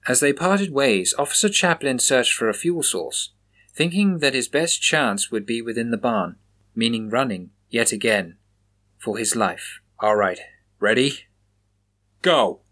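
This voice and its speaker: A man reading a scripted horror story aloud in a measured, even storytelling manner. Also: medium pitch. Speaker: narrator.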